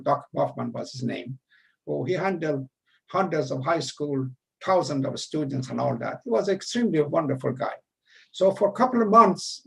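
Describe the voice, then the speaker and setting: Older Persian-accented man, gravelly and husky. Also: fairly high pitch, poor audio. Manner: halting, many uh fillers, animated when quoting. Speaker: guest storyteller. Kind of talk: casual spoken anecdote.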